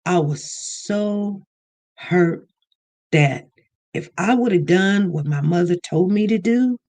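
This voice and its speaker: A woman giving casual vlog commentary. She speaks in an animated way, circling back over her points and repeating herself. She now and then mimics other people. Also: lowish voice, takes it slowly. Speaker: online news commentator.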